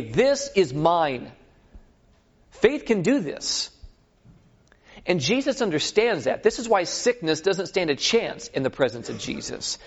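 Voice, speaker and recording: A man preaching with a lively, swinging delivery that rises and falls as he retells scripture scenes. His voice sits a bit higher than most men's, and he keeps checking that his listeners follow. The recording is dull and lo-fi. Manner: animated storytelling, acts out scripture scenes; asks the audience for agreement. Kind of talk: sermon.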